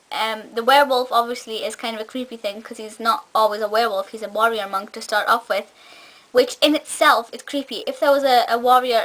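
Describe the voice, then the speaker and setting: Woman w/ a bit of a scottish accent, slightly high voice, chatty enthusiastic review vlog, lots of ums. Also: a bit bright. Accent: part Scottish. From Scotland. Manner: chatty, enthusiastic, many fillers and restarts. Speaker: film reviewer.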